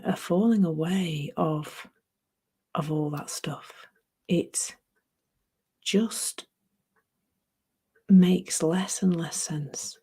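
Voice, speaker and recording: A middle-aged woman giving a reflective spiritual talk, musing unhurriedly, laughing at herself and dropping into soft near-whispers. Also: on the low side, husky.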